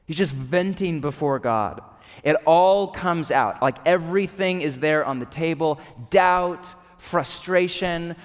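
Pastor guy preaching, chatty and asking the crowd questions, slightly high voice, long echo from the church. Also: unhurried. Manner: conversational, asks rhetorical questions. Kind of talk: sermon. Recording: long reverb of a large hall.

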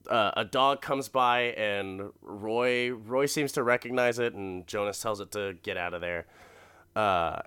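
Bright, crisp-voiced man recapping an episode. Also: fairly low pitch, no echo, clean studio sound. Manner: laughs often, swears freely. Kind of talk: casual profane commentary.

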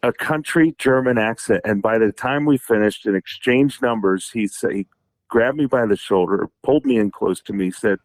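Low voiced guy, rambling golf stories on the radio, dry studio mic. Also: animated, moderate pace, no echo. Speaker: radio show co-host. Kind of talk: casual golf chat.

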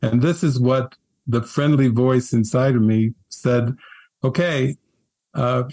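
Gentle, articulate man, dry close sound. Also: medium pitch, steady tone, measured pace, no echo. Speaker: spiritual teacher, guest. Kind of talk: relaxed spiritual storytelling.

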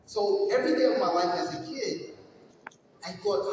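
High-voiced man giving a keynote in an echoey hall. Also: normal speed. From New York, USA. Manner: energetic storytelling, direct address to the audience. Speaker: keynote speaker. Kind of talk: motivational keynote speech. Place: large hall with stage. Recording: echoey hall, far from mic, faint noise.

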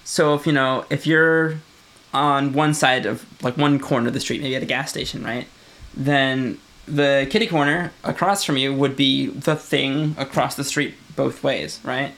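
A man's voice: mid-range voice, steady tone, measured pace, fairly bright tone. A man with a Michigan accent, co-hosting a casual podcast and explaining things with many "right?" checks. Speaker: podcast co-host. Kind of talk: casual chat.

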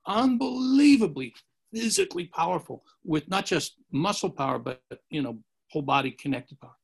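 A man's voice: a little high, lively intonation, moderate pace, vocal fry, husky. A man telling rambling martial arts anecdotes in a casual chat, acting out the quotes. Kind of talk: casual storytelling.

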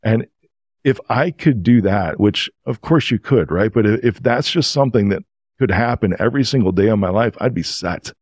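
A man, a podcast guest, telling a story in an animated, emotional, casual way. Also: fairly low pitch, normal speed, breathy edge, no echo, clean studio sound.

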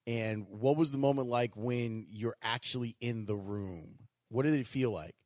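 Man asking halting interview questions. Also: mid-range voice, darkish tone, no echo, studio quality. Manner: halting, restarts mid-question.

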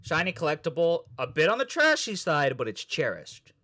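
Guy chatting on a podcast, kinda high voice, rambles, swears a lot. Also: wildly swooping pitch, normal speed, bright, forceful tone. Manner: rambling, profane, laughs often. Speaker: podcast co-host. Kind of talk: casual chat.

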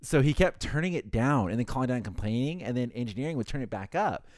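Young guy, rapid casual talker who acts out both sides of calls, close dry sound. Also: medium pitch, lively intonation, darkish tone, no room sound. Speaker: hotel front desk worker. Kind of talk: casual chat, storytelling.

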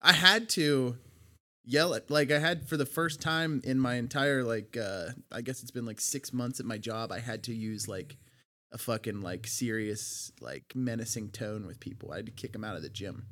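A man's voice: mid-range voice, moderate pace, bright, forceful tone. A young man talking casually as a podcast co-host, laughing often and telling stories with plenty of swearing. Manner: laughs often, storytelling with profanity. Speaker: podcast co-host, band member. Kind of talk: casual chat.

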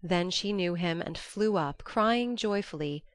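A woman narrating an audiobook in a measured, gently earnest way. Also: fairly low pitch, expressive, smooth, no echo. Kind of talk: audiobook reading.

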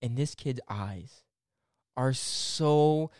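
A man's voice: mid-range voice, drawn-out words, dry recording, clean studio sound. A young man casually telling a rambling story full of fillers and restarts, swearing freely. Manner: animated, swears and laughs through the story.

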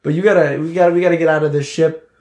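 A man's voice: on the high side, fairly even intonation, very fast, darkish tone, echoey room, natural voice. A man voicing a panicked young man stuck as a ghost, stammering and repeating himself. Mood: urgent.

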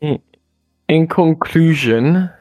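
A podcast co-host delivering one-liners in a dry, deadpan way. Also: medium pitch, slow, no echo, faint music behind. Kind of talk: casual podcast chat.

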